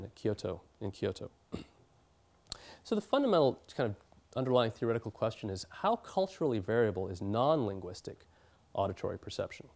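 Guy lecturing in a hall, lowish voice, explaining stuff with lots of um and uh. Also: gravelly, a little mellow. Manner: explanatory, with fillers and restarts. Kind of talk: academic lecture.

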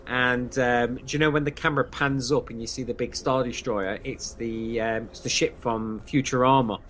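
A man's voice: mid-range voice, steady tone, moderate pace, fairly bright tone, a little hiss or hum. A man co-hosting a fan podcast, chatting enthusiastically, repeating himself with plenty of fillers. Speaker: podcast co-host. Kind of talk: casual podcast chat.

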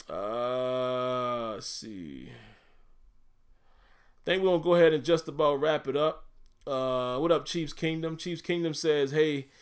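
A man with a Southern US accent hosting a casual livestream, reading viewer comments aloud in a laid-back, chatty way and laughing often. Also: mid-range voice. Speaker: YouTube livestream host.

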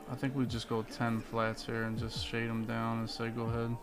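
A man's voice: medium pitch, monotone, normal speed, few pauses, soft background music. A young man giving live, trash-talking commentary on his football video game, full of slang and sudden outbursts. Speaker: gaming streamer.

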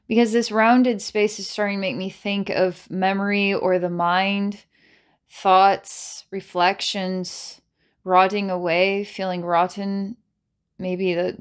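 A woman's voice: medium pitch, level tone, takes it slowly, pauses often, smooth. A woman giving a channelled psychic reading to camera. She rambles and repeats herself, restarts phrases, breaks into laughter, and switches between dramatic challenges and coaxing. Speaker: psychic reader.

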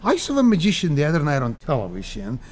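A man's voice: a little high, huge pitch swings, quick pace. A man doing a playful older British magician.

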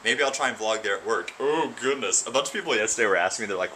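Young man vlogger, animated and goofy, talking to camera in a moving car. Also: fairly low pitch, fast talker, low-quality recording. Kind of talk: casual vlog chat. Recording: car road noise.

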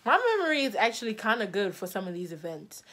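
A young adult woman vlogger telling stories in casual, slangy chat, acting out the quotes with lively energy. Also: mid-range voice, fast talker. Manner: slangy and animated, acts out quotes.

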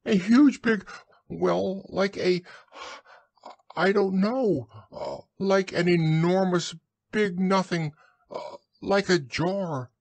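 A man voicing a small, timid male piglet who squeaks, stammers and is out of breath. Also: takes it slowly, vocal fry, darkish tone, exaggerated voice. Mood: breathless. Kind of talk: storybook reading.

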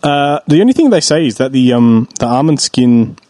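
Brief: relaxed male podcast co-host, hesitant, chatty, dry close-miked voice. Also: medium pitch, normal speed, no room sound. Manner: easygoing, laughs often, explains with hesitant fillers. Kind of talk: casual chat.

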